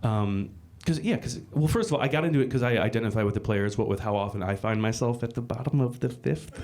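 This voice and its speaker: A man's voice: mid-range voice, fast, a little mellow. A man performing a stand-up comedy set on a club stage, rambling and crude, with frequent restarts and swearing. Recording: live club recording with crowd laughter. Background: audience laughter.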